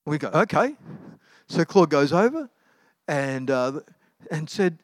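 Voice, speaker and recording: A man's voice: on the high side, very animated, takes it slowly, no room sound. A middle-aged man, preaching a sermon in a casual, storytelling way with many fillers and restarts. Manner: anecdotal, conversational, with many ums and restarts.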